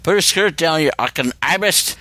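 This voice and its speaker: A man playing a loud slurring thug. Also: a little high, expressive, normal speed, no room sound, pitched above the performer's own voice. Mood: shouting. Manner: shouting, slurred. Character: loud slurring male thug, hot-tempered.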